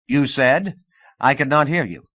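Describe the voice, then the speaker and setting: A man's voice: mid-range voice, lively intonation, measured pace, pushed and bright, dull audio, voice pushed up. A man voicing a terse male caller who talks in an urgent, clipped way.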